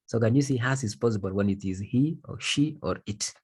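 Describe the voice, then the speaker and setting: A male English teacher explains grammar in a husky, breathy voice. He repeats key phrases for emphasis and keeps asking whether his students are following. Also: medium pitch, brisk, darkish tone. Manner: repetitive, emphatic, checks understanding. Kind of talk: grammar lesson.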